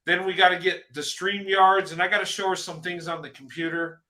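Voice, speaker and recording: A man hosts a casual livestream, talking in a halting, encouraging way with plenty of repeated words. His voice sits high and sounds bright, and the room around him rings with echo. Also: level tone. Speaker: host.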